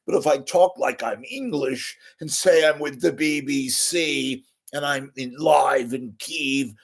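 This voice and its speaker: A man's voice: medium pitch, animated, slow, a bit bright. A man playing a pompous fake British war correspondent in a mock British accent, grave and self-important.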